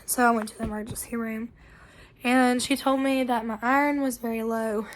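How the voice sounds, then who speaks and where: Young woman, sick with bronchitis, casual vlog storytelling, slightly high voice, exasperated. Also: moderate pace, slight background noise. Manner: animated retelling, exasperated asides. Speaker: family vlogger.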